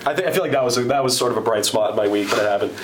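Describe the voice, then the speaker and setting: A man's voice: mid-range voice, very fast. A young man who hosts a campus radio show, telling a story in a loose, chatty way full of "like". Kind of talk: casual anecdote telling. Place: radio station. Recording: roomy room with faint noise.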